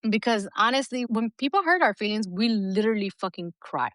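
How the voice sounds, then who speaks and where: A woman's voice: mid-range voice, animated, fairly quick, a bit bright, no echo. A middle-aged woman co-hosting a podcast in casual chat, talking bluntly with plenty of swearing and frequent laughter. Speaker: podcast co-host.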